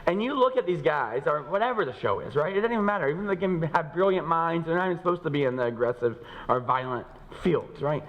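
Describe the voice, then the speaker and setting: A man preaching a sermon as pastor, conversational and joking, acting out scripture quotes in lively asides. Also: a little high, fast talker, few pauses, long reverb tail, highs cut off. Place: church sanctuary.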